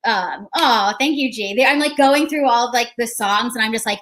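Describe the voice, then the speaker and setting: A woman's voice: a little high, normal speed, hardly any pauses, fairly bright tone. A woman hosting a casual livestream chat, gushing and rambling with lots of fillers. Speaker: host.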